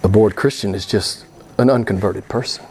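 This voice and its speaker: A middle-aged male preacher delivering a sermon with passion, his voice jumping from hushed asides to sudden high, emphatic rises. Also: normal speed, a little hiss or hum. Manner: impassioned, swings from quiet to loud with sudden rises.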